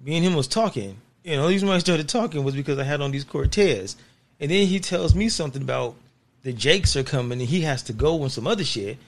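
A man's voice: fairly high pitch, animated, fast. A man from California hosting a podcast, telling stories in casual slang and laughing as he goes. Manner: laughs through stories, slangy, keeps saying "you know what I'm saying". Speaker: podcast host. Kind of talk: casual storytelling chat.

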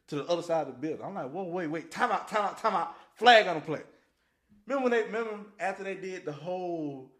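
A man co-hosting a casual podcast, telling Bible stories animatedly and acting out voices. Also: on the high side. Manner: animated storytelling, acts out voices and shouts. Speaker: podcast co-host. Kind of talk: casual faith chat.

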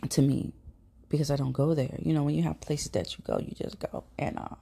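A podcast host with a St. tells a personal story in a casual monologue. Her voice is low, husky and warm. She swears easily and slips into whispers now and then. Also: expressive, brisk.

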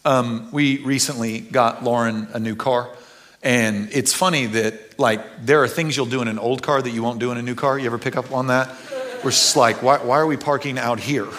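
A middle-aged man, preaching a conversational sermon that swings from quiet and earnest to loud, animated bursts. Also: medium pitch, normal speed. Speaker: pastor.

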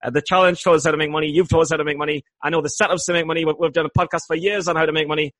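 A man co-hosts a podcast in a casual, animated way, stumbling over his words and restarting. His voice sits a little high, and the sound is dry and close. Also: very fast, dry recording. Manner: stammering restarts, laughing and animated. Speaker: podcast co-host.

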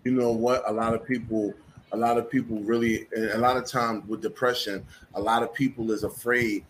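A man's voice: medium pitch, little pitch movement, a little fast, a little hiss or hum, low-quality recording. A man talking in a casual podcast chat, candid and slangy, swearing freely.

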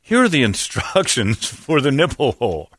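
A man's voice: medium pitch, big pitch swings, moderate pace, a bit bright, slightly rough, dry recording, clean studio sound. A man hosting a talk show, joking around and laughing as he butchers mock Spanish phrases. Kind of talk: casual comedic banter.

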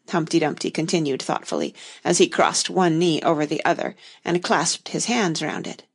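A woman narrating a storybook in an expressive audiobook reading. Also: low voice, moderate pace, vocal fry, hardly any pauses, slightly rough.

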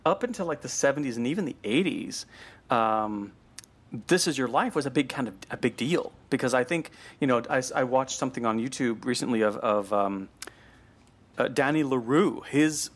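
A man co-hosting a podcast in casual chat, animated and chatty with lots of fillers and restarts. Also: mid-range voice, moderate pace. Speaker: podcast co-host. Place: at home with a dog nearby.

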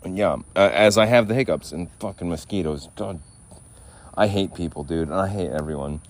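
A low-voiced man hosts a casual podcast from outdoors. He talks in a sardonic, rambling way and swears freely. His delivery stays loose and unscripted. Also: normal speed, no room sound. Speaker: podcast host. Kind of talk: casual profane rant.

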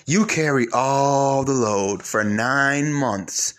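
A man giving a preachy monologue to his viewers, emphatic, swinging between loud and low. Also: slow pace.

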